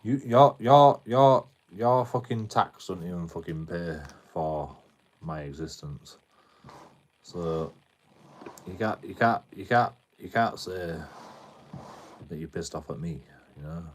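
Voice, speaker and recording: A man's voice: low voice, expressive, slow. A British man live streaming, arguing with his chat in a combative tone, swearing a lot and repeating himself. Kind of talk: ranting at chat on a livestream.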